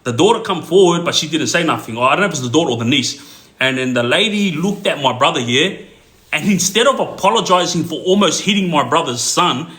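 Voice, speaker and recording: A man rambles through a story on a phone livestream, padding it with fillers. His voice is bright and a little high. The room gives it a roomy echo. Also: expressive, fairly quick.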